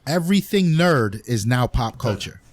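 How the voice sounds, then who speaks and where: A man's voice: mid-range voice, very animated, normal speed. A man hosting a podcast, chatting casually in a loose, profane, joking way. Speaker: podcast host. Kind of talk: casual chat.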